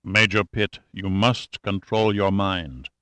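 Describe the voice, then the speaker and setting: A man reading an audiobook who voices a solemn, gentle, shy old man with a poetic bent, slow and grave. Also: sits low, smooth, no echo, heavily acted. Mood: gentle, firm. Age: older.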